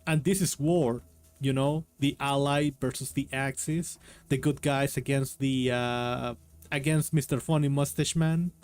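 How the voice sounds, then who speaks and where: A man voicing a gruff older army sergeant with an Oklahoma accent, reading a novel aloud on stream. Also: medium pitch, steady tone, measured pace, darkish tone, natural voice. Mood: lecturing.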